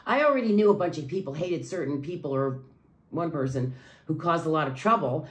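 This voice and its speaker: A woman's voice: low voice, lively intonation, a little fast. Woman ranting bitterly, full of profanity. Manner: profane, bitter, swings between muttering and raised outbursts. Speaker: video creator. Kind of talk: angry ranting monologue.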